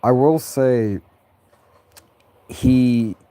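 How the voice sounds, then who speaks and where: A man's voice: warm tone, no echo. Male streamer, laid-back Q&A, stumbles and restarts lines, frequent giggling. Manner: giggly, breaks into high laughter often; halting, repeats and restarts phrases. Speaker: creator answering viewer questions. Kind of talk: casual livestream chat.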